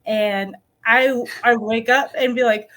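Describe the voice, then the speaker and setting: Taking it slowly, a middle-aged New Mexican woman with a steady, fairly bright, slightly high voice tells her story on a podcast. The dirt bike rider stays casual and upbeat, with frequent laughter.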